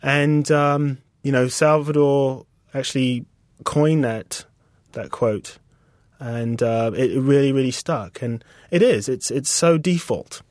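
A British man in his thirties, a designer being interviewed, speaking reflectively and haltingly with many restarts. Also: mid-range voice, a little mellow, no echo, clean studio sound. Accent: British English. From England. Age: 30s. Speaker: guest designer. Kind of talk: casual interview conversation.

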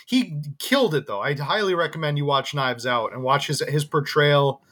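A man co-hosting a movie podcast in casual chat, animated and jokey, with many restarts. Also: a little high, normal speed. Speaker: podcast co-host.

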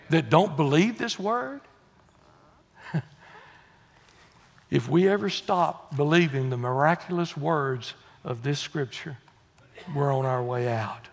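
Preacher, male, high and gravelly, folksy sermon delivery, long church reverb. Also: lively intonation, takes it slowly, long pauses. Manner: folksy, swings from low confiding asides to loud exhortation. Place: church sanctuary.

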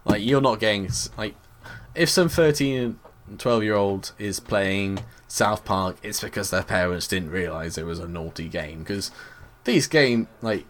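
A British man with a fairly low voice co-hosts a casual podcast. He talks in a chatty, opinionated way, full of likes and filler words. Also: unhurried, slight background noise. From Britain. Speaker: podcast co-host. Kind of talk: casual chat. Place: Bristol.

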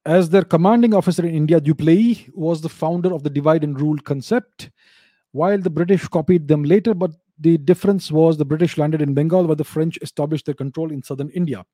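A man answering viewer questions in an unscripted explanatory talk, measured, often repeating and restarting phrases. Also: fairly high pitch, dark tone, dry recording.

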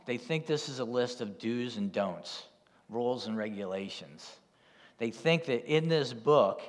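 A man's voice: mid-range voice, big-room sound. A man preaching a sermon as a pastor, telling a story in a conversational way. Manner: storytelling, conversational with "you know" asides. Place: church.

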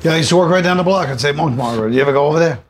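A man's voice: a little high, rapid-fire, a little hiss or hum. A man, a comedian guest, in casual chat, mostly reacting with short amused remarks and a few stories. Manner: brief reactive interjections, amused.

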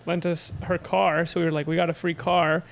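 A man's voice: on the high side, flat delivery, a little fast, gravelly, a little hiss or hum. A man co-hosting a casual chat, telling travel stories in a rambling way with many restarts. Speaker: podcast co-host.

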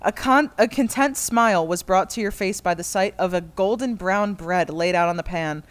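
A woman reads fan fiction aloud in a comic, dramatic way. Her voice sits at a middle pitch, and she keeps pressing on through the story while breaking into laughter along the way. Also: moderate pace, few pauses. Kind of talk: comedic dramatic reading.

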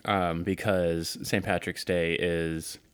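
A man co-hosting a casual chat, making dry, deadpan jokes. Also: low voice, slow pace, clear, resonant tone, dry recording. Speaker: podcast co-host.

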